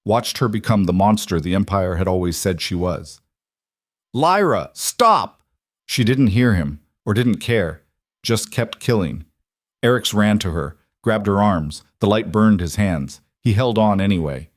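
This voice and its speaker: A man narrating a dark fantasy story in measured, clipped dramatic phrases. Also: lowish voice, no room sound, clean studio sound. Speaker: audiobook narrator.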